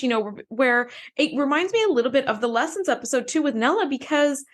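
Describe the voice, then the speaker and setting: A woman co-hosting a casual podcast recaps an episode animatedly, laughing often and acting out characters' lines. Her voice is high-pitched and fast.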